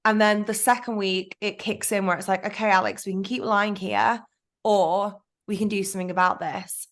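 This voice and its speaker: A woman's voice: medium pitch, normal speed. Woman on a podcast, chatty and frank, acts out her own thoughts. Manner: frank, animated storytelling with self-talk asides. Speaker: podcast guest. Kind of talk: candid storytelling interview.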